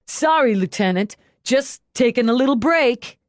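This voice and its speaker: Cocky young guy detective, as a woman voices him, breezy, cheeky, excitable, bouncy pitch, dry close sound. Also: a little slow, no echo.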